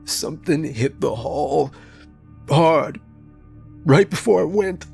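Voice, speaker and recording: A man voicing an injured middle-aged fisherman, his voice raw and rasping from smoke, pleading in a storybook. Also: a little high, expressive, takes it slowly, darkish tone, soft background music, pitched above the performer's own voice, exaggerated voice. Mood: desperate. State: hoarse from smoke. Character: gruff injured male fisherman, panicked.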